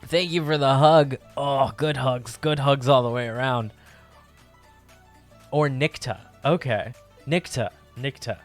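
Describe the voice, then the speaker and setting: A man's voice: medium pitch, steady tone, soft background music. Bubbly, laughing man chatting to his stream. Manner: bubbly, laughs often, halting restarts. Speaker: livestream host. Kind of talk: casual chat with live chat viewers. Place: basement apartment.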